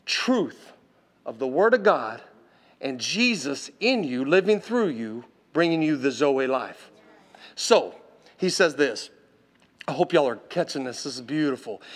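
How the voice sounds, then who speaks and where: A man preaching a sermon, impassioned and exhorting, swinging from loud intensity to hushed tones. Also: a little high.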